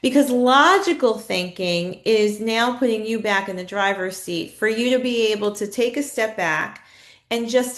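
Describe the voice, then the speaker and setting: A woman of middle pitch gives a live online training in a chatty, questioning way. She often turns to her audience and answers their chat replies. Her voice carries a clear echo from the room around her. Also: a bit bright. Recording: echoey room.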